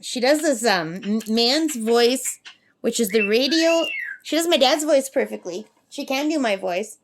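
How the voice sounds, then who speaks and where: A woman with a slightly high, expressive voice talks at a measured pace over a noisy background. She's a crafting vlogger at her summer camp with a talking parrot, chatting and rambling casually as she reads numbers aloud while she works.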